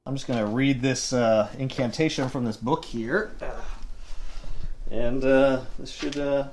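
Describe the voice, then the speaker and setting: A man's voice: mid-range voice, unhurried, a little hiss or hum. A man co-hosting a casual comic book podcast, talking hesitantly with lots of fillers. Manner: hesitant, filler-heavy, deadpan. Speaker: podcast co-host.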